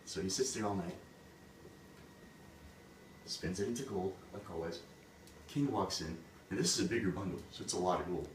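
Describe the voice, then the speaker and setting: Casual low-voiced male storyteller. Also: moderate pace, pauses often. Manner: casual, full of "like" and "he's like". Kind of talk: casual retelling of a fairy tale. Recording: roomy, distant mic, background noise.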